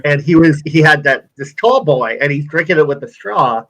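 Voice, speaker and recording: A man co-hosting a sports radio show, telling stories in a relaxed way with many fillers. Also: a little high, moderate pace, poor audio. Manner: relaxed storyteller, hesitant fillers. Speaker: co-host. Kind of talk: casual sports radio talk.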